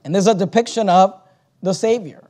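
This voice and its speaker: A pastor with a high, mellow voice preaches a sermon, reading King James scripture aloud with emphasis. He slows down to stress key words and hurries through his asides.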